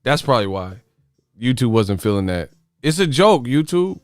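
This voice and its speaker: A man's voice: mid-range voice, very animated, normal speed, no echo, clean studio sound. A man hosting a casual boxing livestream, ranting profanely and firing off rhetorical questions. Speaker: boxing YouTuber host.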